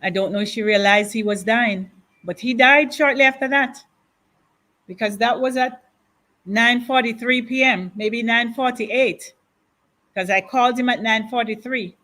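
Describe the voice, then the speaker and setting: A grieving woman gives interview testimony, slowly and deliberately, with heavy repetition. Her voice is bright and tense, and she takes her time over every phrase. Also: fairly high pitch. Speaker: widow of a councillor, guest.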